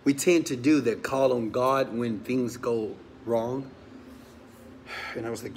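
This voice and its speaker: A man, a motivational speaker, tells a personal story with strong feeling. He swings from loud urging to hushed confession and keeps asking his listeners questions. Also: medium pitch, moderate pace, a little hiss or hum. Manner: talks straight to listeners with questions.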